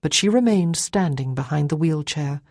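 A woman narrating an audiobook in the first person with measured, quiet storytelling. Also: deep voice, lively intonation, dry recording, clean studio sound.

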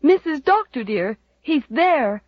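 A woman's voice: high-pitched, very animated, takes it slowly, no echo, highs cut off, pitched above the performer's own voice, full character voice. A woman voicing a fussy, devoted older housekeeper who talks eagerly and bustles through her words, for an audiobook. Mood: overjoyed. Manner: eager, bustling, repeats terms of address.

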